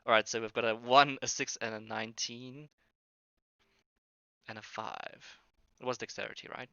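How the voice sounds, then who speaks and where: A man runs a tabletop game on a voice call, his voice bright and forward. He stumbles through ums and restarts as he works out the rules. The audio is dry and a little dull. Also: mid-range voice, fairly even intonation, moderate pace, creaky, dry recording. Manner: hesitant, lots of ums and restarts. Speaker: game master. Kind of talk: running a tabletop game over voice chat.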